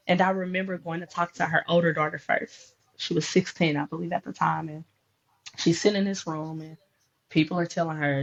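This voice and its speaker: Husky-voiced woman telling a faith story. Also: lowish voice, normal speed, dull audio. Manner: animated storyteller acting out quoted dialogue. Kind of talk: faith podcast conversation.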